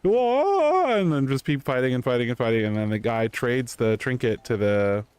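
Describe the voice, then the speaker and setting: A man's voice: mid-range voice, fairly even intonation, fairly quick, darkish tone, smooth, no echo. A man streaming live, telling a story in a loose, rambling way with lots of fillers. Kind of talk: casual chat.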